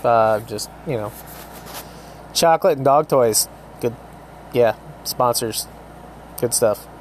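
A man's voice: medium pitch, slow, slight background noise. Rambling, profane man podcasting at home. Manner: rambling, profane, deadpan mock-ad delivery. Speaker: podcast host. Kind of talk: casual solo podcast rambling. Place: home with pets around.

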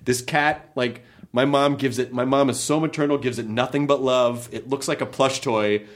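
A man in casual podcast chat, animated and joking, swearing freely as he tells stories. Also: medium pitch, normal speed.

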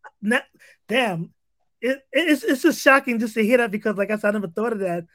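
A male podcast host who talks excitedly, stammering and restarting his sentences often. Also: extremely high pitch, brisk, no room sound. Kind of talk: casual interview talk.

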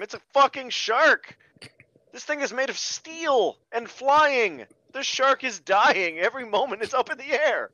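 A man's voice: very high-pitched, lively intonation, measured pace, pushed and bright, no room sound. A man hosting a podcast, ranting sarcastically about a bad movie in casual chat. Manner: sarcastic, exasperated rants with profanity. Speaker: podcast host. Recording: dry, dull lo-fi sound.

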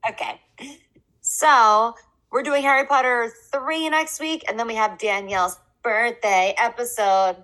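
A woman's voice: a little high, steady tone, a little slow, a bit bright, rough recording. A young adult woman co-hosting a casual podcast, chatting loosely and joking around while sipping beer. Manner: chatty, drinking beer while talking, jokes around with accents. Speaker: podcast co-host. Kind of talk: casual chat.

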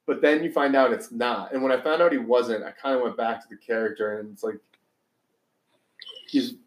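A man's voice: medium pitch, steady tone, moderate pace. Brief: american man, rambling film-chat co-host, echoey room. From United States. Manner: rambling, restarts often, muses aloud. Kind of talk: casual film review chat. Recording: roomy echo.

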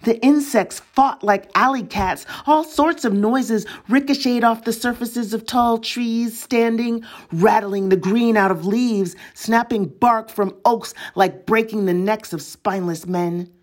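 Slow, breathy woman storyteller. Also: mid-range voice. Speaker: narrator. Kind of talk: scripted literary narration.

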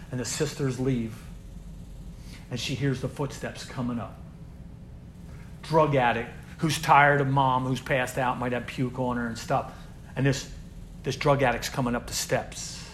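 A man who leads a youth group, telling stories in an inspirational sermon, earnest and repeating words as he builds, dropping to a hush and then rising loud. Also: mid-range voice, fairly even intonation, unhurried, long pauses, slight background noise. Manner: earnest, swings from hushed to loud emphasis.

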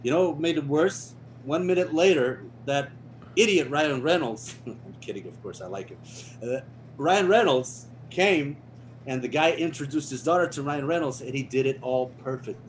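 Portuguese guy telling a story on a podcast, lively, laughs a lot, bit of noise in the back. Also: a little high, moderate pace. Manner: animated storyteller, laughs often, acts out quotes. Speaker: stunt performer guest. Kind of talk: casual podcast chat.

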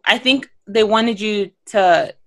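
Young female co-host, mid pitch, animated casual chat. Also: slow pace. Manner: animated, filler-heavy, exasperated rants. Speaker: podcast co-host.

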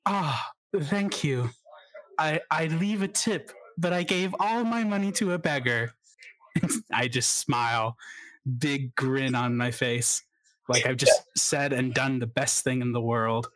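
A man playing a tabletop game, calmly describing his character's entrance. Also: mid-range voice, a little slow, a little hiss or hum, low-quality recording. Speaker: player.

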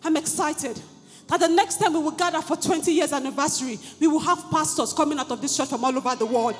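A woman pastor preaching a sermon fervently, building to shouted repeated phrases. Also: sits high, fast, in a large hall, faint music behind. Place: church hall.

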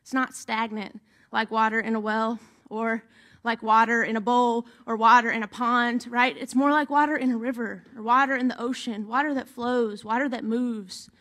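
A woman's voice: on the high side, steady tone, moderate pace, a bit bright. A woman pastor reads a gospel passage and then preaches about it in a conversational way, often turning to her listeners with "right?". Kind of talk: sermon.

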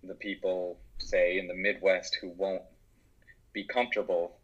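Deep-voiced earnest American man, lo-fi sound. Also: flat delivery, unhurried, husky. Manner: earnest, reflective, with frequent restarts. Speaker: podcast guest, actor and writer. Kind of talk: casual conversation. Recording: dull, lo-fi.

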